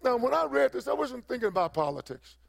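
A man's voice: very high voice, very animated, fast talker, vocal fry. A man preaching a sermon as pastor, emphatic and repeating phrases for effect.

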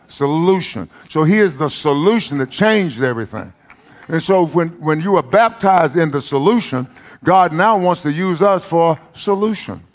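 A man with an East Texas accent preaching a lively sermon, with folksy humor and emphatic repetition. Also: fairly high pitch.

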